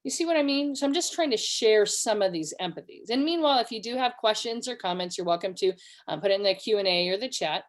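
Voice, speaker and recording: A woman's voice: medium pitch, expressive, quick pace. A woman from California giving a conversational online webinar, telling stories and acting out quoted voices. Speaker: webinar presenter.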